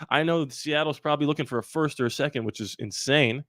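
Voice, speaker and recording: A man hosting a live sports talk stream, animated and rambling with quick asides. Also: a little high, no echo, clean studio sound. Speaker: sports channel host.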